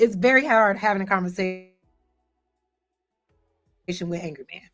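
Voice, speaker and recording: Animated woman host reacting to a clip. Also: sits high. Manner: animated, emphatic, talks to chat. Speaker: commentary host. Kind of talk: reaction commentary.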